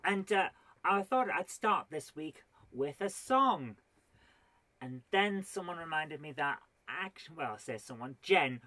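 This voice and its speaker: A woman's voice: low voice, expressive, a little slow, a bit bright, no echo. A middle-aged woman doing stand-up comedy from her home office as host of her own show, rambling and self-deprecating with mock-serious asides. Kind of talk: solo stand-up comedy to camera.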